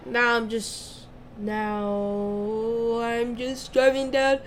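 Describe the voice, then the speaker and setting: A woman's voice: a little high, flat delivery, extremely slow, slight background noise. A young woman giving casual, rambling commentary while playing a driving game, yelping and shrieking at the crashes. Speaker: gamer.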